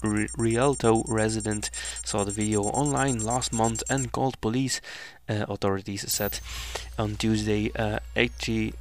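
A man's voice: lowish voice, fairly even intonation, unhurried, hardly any pauses. A man working as a radio DJ, reading a news item between songs with frequent fillers and restarts. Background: faint music.

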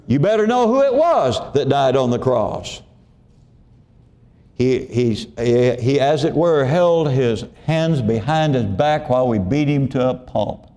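A man's voice: mid-range voice, mellow. A man preaching a sermon in a folksy way, often repeating himself and asking the congregation if they follow. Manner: folksy, repeats phrases, asks congregation questions. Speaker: pastor.

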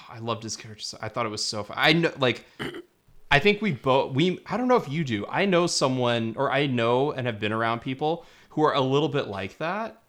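A man's voice: mid-range voice, lively intonation, a bit bright. A young man co-hosting a podcast, chatting casually about a film, rambling with frequent laughs. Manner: rambling, laughs often, quick asides. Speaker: podcast co-host. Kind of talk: casual film review chat.

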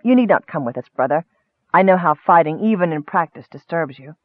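A man voicing a lively, teasing young noblewoman, recorded dry and tinny. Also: a little high, fairly quick, dry recording, lightly acted. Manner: teasing, demure. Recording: dry, tinny, narrow-band.

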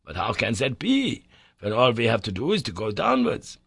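A man's voice: medium pitch, huge pitch swings, moderate pace, gravelly, slightly rough, no room sound, studio quality, full character voice. A man doing an impatient old professor. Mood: incredulous. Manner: sharp, incredulous exclamations. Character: impatient stubborn older male professor.

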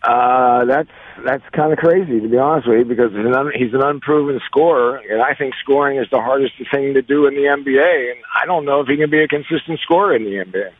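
A man calling in as a guest coach on a sports radio show, answering slowly with many restarts. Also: medium pitch. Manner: hesitant, many restarts, measured. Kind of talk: sports radio phone interview. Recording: tinny phone line.

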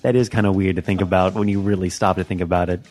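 A man's voice: low voice, level tone, fast talker, over music. A man hosting a casual comedy podcast, teasing and laughing often. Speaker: podcast host.

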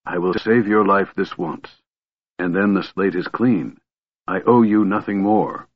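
A cold, bitter young wizard, as an audiobook narrator puts him on, his speech hushed and harsh. The voice is deep and husky. It comes through tinny and dry, like a phone line. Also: a little slow. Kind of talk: audiobook character reading.

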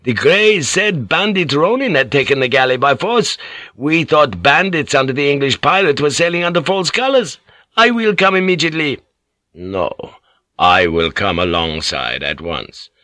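A man voicing a male Jesuit priest acting as interpreter, who pleads and shouts in a raised voice in an audiobook reading. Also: medium pitch, big pitch swings, normal speed, no echo. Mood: fawning pleading.

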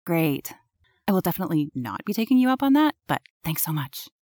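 Reader putting on a snippy sarcastic young guy, fast clipped delivery, dry sound, storybook reading. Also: medium pitch, big pitch swings, darkish tone, dry recording, close to an everyday voice. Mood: dismissive.

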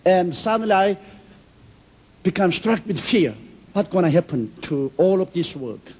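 A man preaches with a husky, breathy voice that sits high. His intonation swings widely as he tells stories with emphasis. His English phrasing is simple and non-native. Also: animated, a little slow, a little mellow, poor audio. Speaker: pastor. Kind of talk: sermon.

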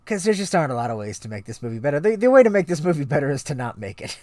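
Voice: medium pitch, sing-song, very fast, a little mellow, no room sound. Rambling podcast co-host, dry sound. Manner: rambling, many restarts and fillers, swears. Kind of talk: casual comedic chat.

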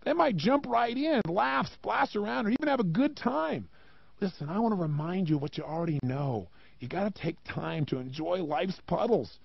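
A man giving a motivational talk, emphatic and animated, with many rhetorical questions and a gravelly voice. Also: sits high, normal speed, no echo, dull audio. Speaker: motivational speaker.

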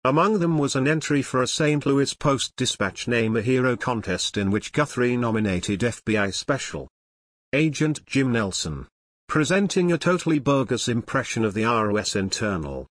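Male narrator for a true-crime book: measured and expressive, with a lively rise and fall, recorded dry. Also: medium pitch, dry recording.

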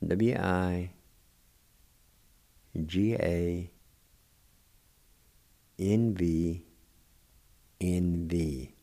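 An older man hosting a radio language lesson, spelling words letter by letter and repeating each pronunciation slowly. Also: low voice, creaky, mellow. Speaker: radio host teaching language.

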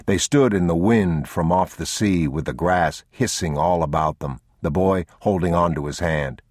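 A man reading a novel aloud as narrator in a measured, unhurried, somber way. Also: sits low, darkish tone, dry recording, clean studio sound. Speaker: audiobook narrator. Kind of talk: scripted narration.

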